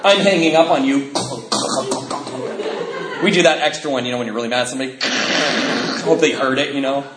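A man sharing his recovery story with a meeting, lively, acting out what people said and laughing often. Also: medium pitch, brisk. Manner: animated, acts out quoted dialogue, laughs often. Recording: echoey room, faint noise.

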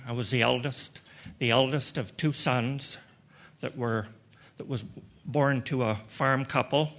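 A middle-aged man from Western Canada tells his personal recovery story to an audience in a reflective, halting way, often restarting his sentences and adding dry humor. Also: mid-range voice, fairly even intonation, fairly bright tone. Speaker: recovery meeting speaker.

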